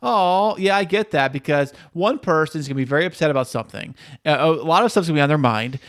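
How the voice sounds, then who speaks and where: A man's voice: a little high, lively intonation, quick pace, fairly bright tone, no room sound, clean studio sound. A man co-hosting a podcast, playful and jokey, rambling with fillers. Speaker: podcast co-host. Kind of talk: casual chat.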